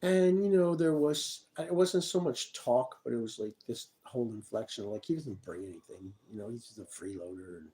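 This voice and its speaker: A man vlogging a rambling personal monologue, talking to the viewer with many asides and often dropping to a quiet mutter. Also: mid-range voice, normal speed, few pauses, low-quality recording.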